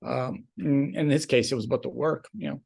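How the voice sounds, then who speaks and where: Male guest, gravelly, mid pitch; halting, frank, swears now and then. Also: a little mellow. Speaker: television director, guest. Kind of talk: casual interview chat.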